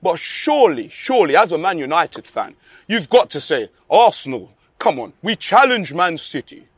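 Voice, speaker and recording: A man's voice: fairly high pitch, sing-song, moderate pace, slightly rough, dry recording, pitched below the performer's own voice. A man impersonating an upbeat interviewer who asks fans questions in a presenter's manner. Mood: presenting. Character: male fan-channel interviewer, brisk and upbeat. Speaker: mock interviewer.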